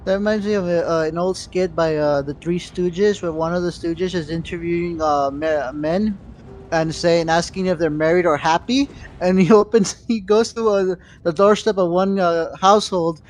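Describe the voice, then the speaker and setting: A man's voice: high voice, steady tone, normal speed, slight background noise. A man chatting as a guest in a gaming voice chat, rambling loosely and swearing. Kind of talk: casual voice chat.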